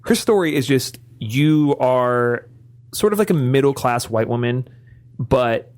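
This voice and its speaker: A man's voice: mid-range voice, expressive, measured pace, darkish tone. A young adult man co-hosting a podcast, enthusiastic and laughing often as he retells dialogue. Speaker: podcast co-host. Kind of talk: casual chat.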